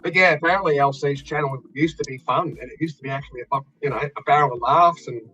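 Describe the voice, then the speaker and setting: A man's voice: on the high side, quick pace, sharp tone, husky, highs cut off, faint music behind. An Australian man in blunt, profane casual chat, ranting with fired-up energy.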